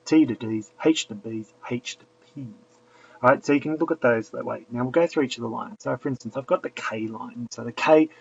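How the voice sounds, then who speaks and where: A man's voice: mid-range voice, gravelly, husky. A man teaching a language lesson, patiently explaining and repeating drills aloud. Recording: dull lo-fi recording.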